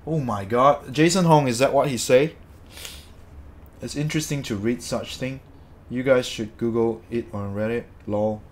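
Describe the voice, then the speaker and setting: An angry man streaming a game vents to his chat, swearing and going over the same points repeatedly. His voice is mid-range and his speed normal.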